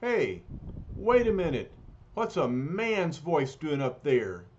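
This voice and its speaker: Gruff jealous brawler voiced by a man, tough slang, lively pitch, dull sound. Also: slow, a little hiss or hum. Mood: brash. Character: gruff, jealous, hot-headed rocky strongman. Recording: dull lo-fi recording.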